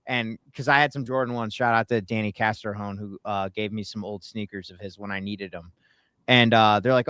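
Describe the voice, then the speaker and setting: A man chatting casually as a guest, telling animated stories and acting out quotes, swearing when he gets worked up. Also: lowish voice, fairly quick, no echo. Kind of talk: casual chat, storytelling.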